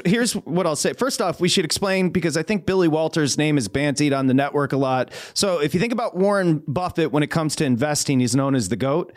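A man's voice: fairly high pitch, no echo, clean studio sound. A man hosting a sports betting talk show, teasing and emphatic in a casual chat.

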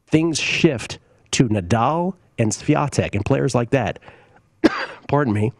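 A man's voice: medium pitch, expressive, slow pace, no room sound, studio quality. A man hosting a sports betting talk show, giving opinionated, conversational takes on games and bets with plenty of fillers and asides. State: coughing, briefly choked up. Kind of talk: casual sports betting talk, reading listener tweets.

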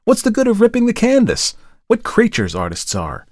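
A man reading a story aloud and voicing a lively, teasing young woman who models for an artist. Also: on the high side, moderate pace, creaky, no room sound, studio quality, voice pushed up, heavily acted. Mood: scolding. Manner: bright, pert, scolding. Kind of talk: audiobook character voice.

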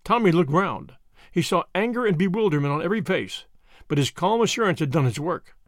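A man reading a novel aloud as narrator, with expressive storytelling on a close studio mic. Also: high voice, brisk, dry recording. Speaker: audiobook narrator. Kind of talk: scripted narration.

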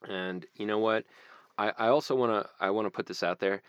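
Deep-voiced opinionated man. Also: brisk, clear, resonant tone, no echo, lo-fi sound. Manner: animated, opinionated, casual swearing. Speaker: podcast co-host. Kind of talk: casual book discussion.

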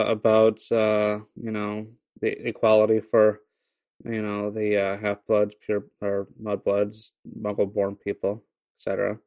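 A man's voice: fairly low pitch, a little mellow, no echo. A man hosting a casual book discussion podcast, talking enthusiastically and rambling a little. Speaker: podcast host.

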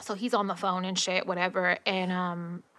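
A woman telling a story in casual chat, animated and slangy, swearing freely. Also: on the low side, normal speed, dry recording.

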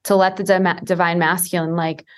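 A woman's voice: on the low side, level tone, a little fast. A woman guest in a casual chat, earnestly explaining spiritual ideas.

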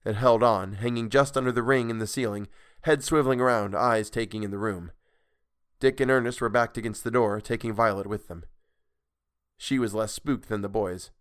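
A man narrates a storybook in a measured, expressive way. His voice sits fairly low, and he reads the text with care. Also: clear, resonant tone, no room sound, clean studio sound.

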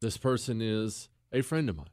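A man's voice: fairly low pitch, lively intonation, moderate pace, a little mellow, no echo, clean studio sound. A man hosting a talk show, telling a story and arguing his point in an emphatic monologue, repeating words for stress. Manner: storytelling, mimics others in quotes, emphatic repetition. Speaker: podcast host. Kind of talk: opinionated monologue.

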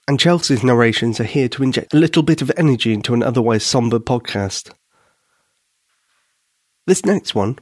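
A man's voice: mid-range voice, darkish tone, dry recording, clean studio sound. A man narrating a children's bedtime story and hosting a podcast, in a soothing voice.

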